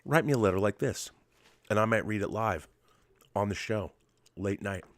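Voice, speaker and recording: A man's voice: on the low side, moderate pace, no room sound. A middle-aged man hosting a late-night casual monologue from his home studio, rambling and restarting his sentences. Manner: rambling, restarts often, drops to a murmur with his dog. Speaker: host.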